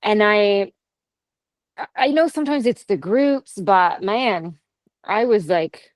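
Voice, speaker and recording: A woman's voice: mid-range voice, expressive, slow, no room sound. Playful jokey woman. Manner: playful, jokey, rambling explanations. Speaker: podcast co-host. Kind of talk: casual chat.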